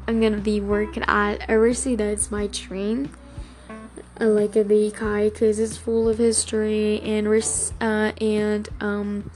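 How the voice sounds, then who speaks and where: A young woman hosting a casual solo podcast, talking haltingly with many fillers and restarts. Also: medium pitch, darkish tone. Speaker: podcast host.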